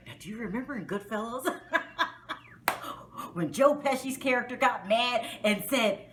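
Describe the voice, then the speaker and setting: A woman hosting a casual review vlog, talking in an animated, outspoken and exasperated way and often laughing. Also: a little high, normal speed, pauses often, noisy background. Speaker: reality TV reviewer, vlog host. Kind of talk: casual spoken show review.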